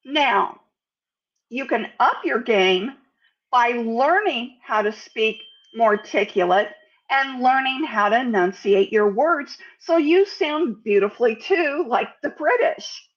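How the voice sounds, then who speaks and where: An American woman giving a sales speaking lesson, over-enunciating example words in a deliberate, teaching manner. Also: on the high side, animated, a bit bright, lo-fi sound. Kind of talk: instructional talk to camera.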